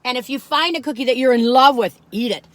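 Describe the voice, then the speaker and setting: A woman's voice: high voice, fast talker, a bit bright, no room sound. An older woman, chatting casually and rambling off on tangents while reviewing cookies on her vlog. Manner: rambling, chatty, easily sidetracked. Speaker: food vlogger.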